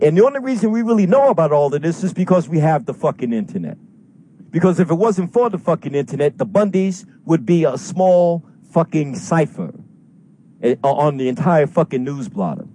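A man's voice: a little high, very animated, normal speed, warm tone, a little hiss or hum. A man calling in to a talk show, ranting at length in a heated, profane way and swearing constantly. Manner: profane, fired-up, heavy swearing. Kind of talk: heated call-in rant.

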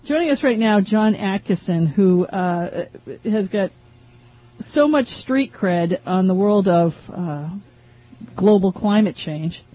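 A woman from Maine with a Maine accent, filling in as a radio talk show host, chatting casually and joking with quick asides. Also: mid-range voice, lively intonation. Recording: dull, slightly lo-fi radio broadcast.

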